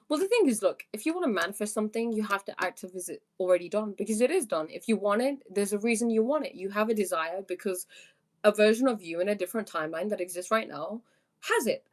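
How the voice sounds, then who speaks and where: A woman's voice: mid-range voice, lively intonation, quick pace. Earnest spiritual woman coach on a live stream. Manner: reads viewer questions aloud then answers reflectively; spiritual, earnest, prone to laughing. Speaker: life coach. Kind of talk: live stream answering viewer questions.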